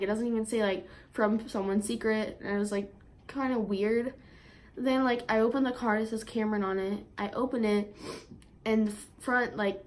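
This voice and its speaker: A young woman vlogger telling a story in a chatty way, with lots of fillers, and getting animated when she quotes herself. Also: a little high. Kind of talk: storytime vlog.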